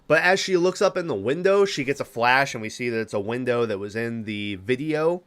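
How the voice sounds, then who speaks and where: A man hosting a podcast, recapping a film plot in a casual, rambling way, swearing freely and filling pauses with "uh" and "you know". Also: medium pitch, lively intonation, a bit bright. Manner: profane, rambling, lots of fillers. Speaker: podcast host.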